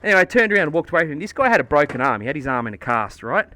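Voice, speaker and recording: Bright, sweary Australian bloke. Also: male voice, fairly high pitch, sing-song, racing. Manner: rambling, sweary storytelling with lots of fillers. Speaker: livestreamer painting miniatures. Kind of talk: casual chat while painting on stream.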